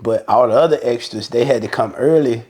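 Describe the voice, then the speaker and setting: A podcast guest from Mobile with a Southern Alabama accent tells a story in a casual, animated way, acting out quotes with profane slang. His voice is medium-pitched and slightly rough, and he talks a little fast.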